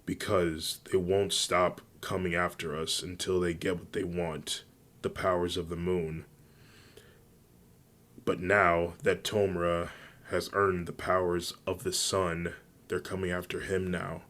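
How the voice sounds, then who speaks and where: A man voicing a fierce, loyal young woman who guards a friend, in a steady, low reading. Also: a little slow.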